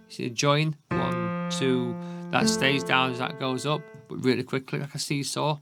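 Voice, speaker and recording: A man's voice: mid-range voice, little pitch movement, unhurried, creaky. A man with a Yorkshire accent teaching a beginner piano lesson, counting beats aloud and checking in with frequent "okay?". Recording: piano music loud underneath. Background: piano playing.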